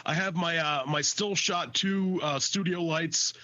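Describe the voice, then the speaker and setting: A man's voice: on the high side, pushed and bright, lo-fi sound. A man co-hosting a casual podcast from his basement, rambling and swearing. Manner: rambling, swearing, quick to laugh. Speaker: podcast co-host. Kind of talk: casual chat. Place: home basement.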